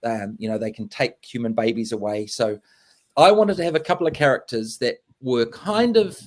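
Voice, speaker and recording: A man's voice: mid-range voice, normal speed. A man with an English accent, a guest author chatting casually in an interview, rambling with many fillers and restarts. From England.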